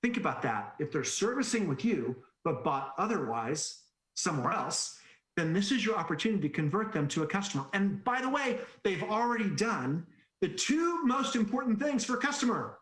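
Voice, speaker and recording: Energetic man presenting in an echoey room. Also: high voice, normal speed. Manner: energetic, storytelling, rhetorical questions. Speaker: dealership sales trainer. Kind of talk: conference presentation.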